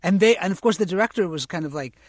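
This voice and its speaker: A man being interviewed about his acting career, talking reflectively and correcting himself as he goes, turning lively when he tells stories. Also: high voice, quick pace, a little hiss or hum. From United States, immigrant family. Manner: thoughtful, self-correcting, animated when recounting stories. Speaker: interview guest, actor and author.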